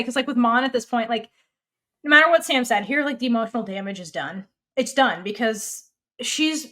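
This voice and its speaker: A woman co-hosting a podcast, casually recapping a TV episode in an animated way, swearing freely and acting out the characters' lines. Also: mid-range voice. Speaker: podcast co-host.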